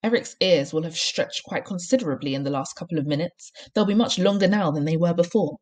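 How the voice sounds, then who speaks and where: Storybook bully headmistress, harsh and scornful, husky lowish voice, read by a woman. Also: brisk, a little mellow, lightly acted. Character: fierce bullying headmistress, big and brutal.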